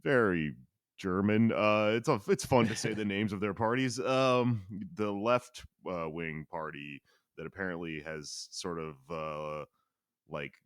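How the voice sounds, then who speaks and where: A man's voice: sits low, a little slow, clear, resonant tone, no room sound, studio quality. A man co-hosting a podcast, talking in a rambling, jokey and profane way. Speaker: podcast co-host. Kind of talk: casual chat.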